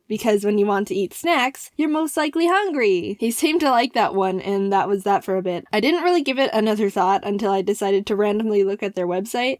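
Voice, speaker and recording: A young adult woman narrating a comedic animated story in an excitable, self-mocking way. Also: medium pitch, no room sound, clean studio sound.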